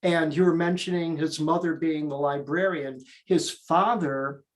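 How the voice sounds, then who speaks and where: A man's voice: fairly high pitch, unhurried. An older man, a theater director, telling eager stories as an interview guest. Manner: eager, animated storyteller.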